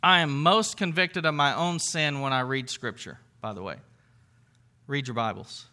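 A man's voice: mid-range voice, moderate pace, pushed and bright. A man preaching a sermon to his congregation, conversational, with rhetorical questions and asides. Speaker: pastor.

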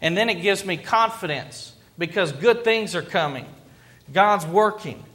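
A man preaching a sermon in an earnest, reflective way, pausing to let points land. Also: sits high, animated, fairly bright tone. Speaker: pastor.

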